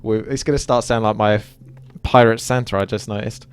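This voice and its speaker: A man's voice: on the low side, steady tone, fairly quick, clear, resonant tone. A man giving casual, chatty gameplay commentary while he plays, joking at himself and reading viewer comments aloud.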